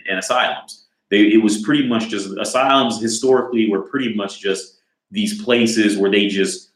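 Rambling man, low voice, roomy. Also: a bit bright. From United States. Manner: rambling, many restarts, swears freely. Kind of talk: casual opinion monologue. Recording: roomy echo.

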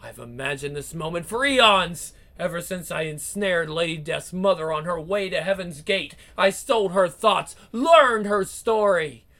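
A woman playing a cruel, seductive vampire queen, drawling every taunt slowly in a bright, tense voice. She gloats and menaces like a comic book villain read aloud, breaking into growls. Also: lowish voice, expressive. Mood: gloating. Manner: slow, taunting, theatrical delivery with growls.

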